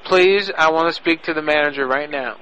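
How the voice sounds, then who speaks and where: A man's voice: fairly high pitch, brisk, bright, forceful tone, clear, resonant tone. A man making a prank phone call, lecturing in an indignant way over a lo-fi line. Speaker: prank caller. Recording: lo-fi phone audio on radio.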